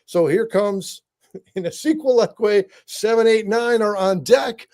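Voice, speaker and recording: Excitable high-voiced man reviewing a show. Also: unhurried. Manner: excitable, rambling with tangents and laughs. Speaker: podcast co-host. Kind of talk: enthusiastic review chat. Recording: live online show.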